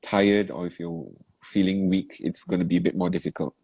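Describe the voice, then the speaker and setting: A man's voice: low-pitched, steady tone, brisk, dark tone, breathy edge, no echo. A man giving feedback as a vocal coach in an online masterclass, asking probing questions and encouraging with easy laughs. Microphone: video call.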